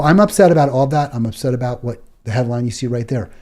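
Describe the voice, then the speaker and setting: A man's voice: mid-range voice, animated, fast talker, hardly any pauses, darkish tone. A man hosting a political talk show, delivering an indignant, exasperated monologue and stumbling over repeated words when worked up.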